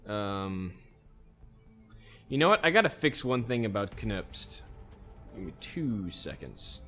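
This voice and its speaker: A man's voice: lowish voice, sing-song, takes it slowly, pushed and bright, faint music behind. A man hosting a let's play, casually thinking aloud as he plays a strategy game. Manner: easygoing, thinks aloud while playing. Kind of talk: casual gameplay commentary.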